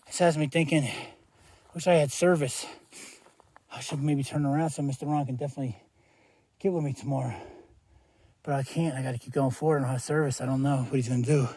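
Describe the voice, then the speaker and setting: A man's voice: medium pitch, fairly even intonation, a little fast, long pauses, dark tone, breathy edge, no room sound. A man on a hiking vlog, talking to the camera while he walks a snowy mountain trail, out of breath and tired from the altitude. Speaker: thru-hiker vlogger.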